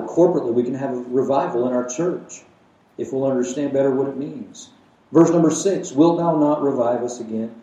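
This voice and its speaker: A man preaching a sermon, emphatic, with rhetorical questions and swings between loud and quiet. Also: medium pitch, highs cut off. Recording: echoey room, mic at a distance.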